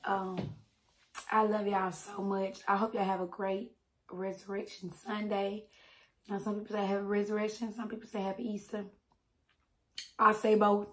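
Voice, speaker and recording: Southern woman, mukbang host, hoarse and deep, chatty with y'all. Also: flat delivery, normal speed, pauses often, fairly bright tone. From Alabama, US. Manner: chatty and affectionate, says y'all. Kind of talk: casual eating-show chat.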